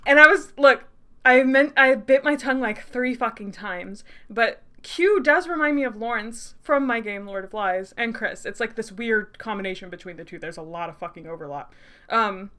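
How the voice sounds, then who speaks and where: A young woman streaming a game, reacting in an excitable, giggly way with lots of swearing. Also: mid-range voice. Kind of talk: let's play commentary.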